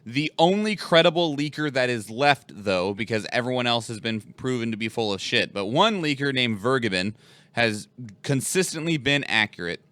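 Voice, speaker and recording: Co-hosting a podcast, a man chats casually and rambles, dropping in plenty of fillers and laughter. His medium-pitched voice has lively intonation and a fairly bright tone at a normal speed, recorded dry.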